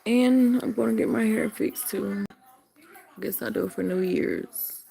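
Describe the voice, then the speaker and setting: Sleepy, sassy grandma on a livestream. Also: female voice, on the high side, a little slow, creaky, dark tone, rough recording. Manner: chatty, sassy, talks straight to viewers. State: sleepy, yawning. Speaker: livestream host. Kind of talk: casual late-night livestream chat. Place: at home.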